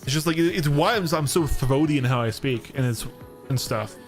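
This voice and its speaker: A man's voice: fairly high pitch, animated, a little fast, faint music behind. An American man streaming a game, chatting casually in a throaty, thick, slightly slurred voice with lots of restarts and self-deprecating asides. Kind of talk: casual chat while gaming. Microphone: studio microphone.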